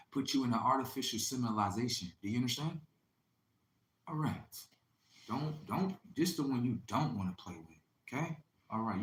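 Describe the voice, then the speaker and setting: A man hosting a livestream, delivering a boastful, taunting, profane monologue that swings between loud outbursts and low mutters. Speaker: livestream host. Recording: echoey room with faint ambient noise.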